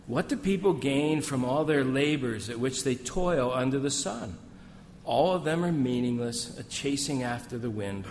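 A man's voice: medium pitch, measured pace. A man speaking as a missionary at a gathering, telling folksy, joking stories full of asides. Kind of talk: sermon with personal stories. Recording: long hall reverb, faint room noise.

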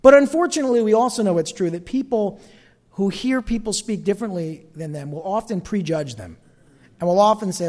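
A man's voice: high-pitched, expressive, a little fast, a little mellow, in a large hall. A man with a North Jersey accent, preaching a sermon in a chatty way, full of asides and questions to the congregation. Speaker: pastor.

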